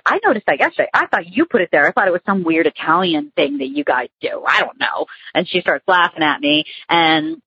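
A woman's voice: lowish voice, breathy edge, no room sound. A young adult woman calling in to tell a ghost story, chatty and rambling with many fillers, over a phone line. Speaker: caller telling a ghost story.

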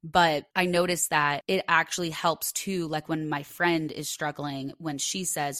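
Low-voiced chatty woman podcast host. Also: steady tone, normal speed, hardly any pauses, a bit bright, dry recording, studio quality. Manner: chatty, heavy use of "like". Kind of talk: solo podcast monologue with a read ad.

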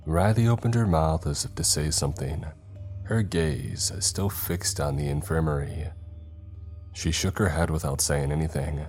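A man reading a scripted first-person horror story in a tense, steady way. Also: very deep voice, a little slow, faint music behind.

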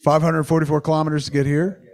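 A man's voice: a little high, fast talker, creaky. A man hosting a live podcast show in a cinema, bantering with the audience and swearing freely. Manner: excitable, swears freely, quizzes the crowd. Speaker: podcast host.

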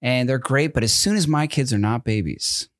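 A man's voice: mid-range voice, normal speed, dry recording, studio quality. A young man in casual chat, rambling with many restarts and constant "like" and "you know what I mean". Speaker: podcast co-host and father of infant twins.

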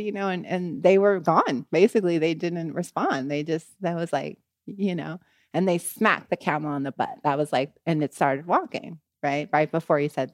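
Lower-voiced woman telling a story. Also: moderate pace, dry recording, studio quality. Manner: animated retelling, frequent "you know" and "right?"; gets louder and higher when she quotes the people in the story. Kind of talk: casual spoken storytelling.

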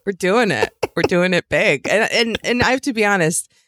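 A woman's voice: medium pitch, animated, normal speed, a bit bright, no room sound. A woman comedian co-hosting a podcast in casual chat, bubbly and gushing.

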